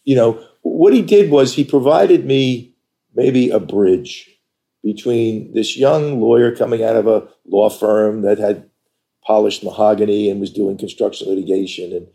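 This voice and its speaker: An older man from New York, an interview guest telling stories about his career in an animated, emphatic way. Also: lowish voice, unhurried, creaky. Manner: animated, emphatic storyteller who acts out quoted dialogue. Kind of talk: conversational storytelling.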